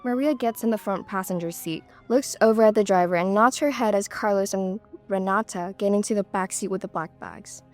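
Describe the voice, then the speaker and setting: A woman reading scripted narration for an audio story in a steady, clear way. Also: medium pitch, brisk, hardly any pauses, faint music behind.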